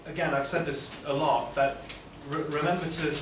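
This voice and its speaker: A man's voice: on the high side, steady tone, moderate pace, noisy background. A man teaching interpreting, giving patient, explanatory feedback to students in a classroom. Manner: patient, explanatory, many restarts. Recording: echoey classroom from far off.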